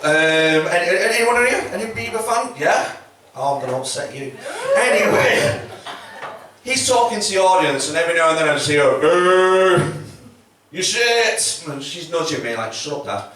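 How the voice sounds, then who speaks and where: On a comedy club stage, a stand-up comedian with a high-ish, sing-song voice and sharp tone delivers a brisk, chatty set full of swearing and self-mockery, often acting out quotes. The room echoes, the mic is distant, and there's faint noise.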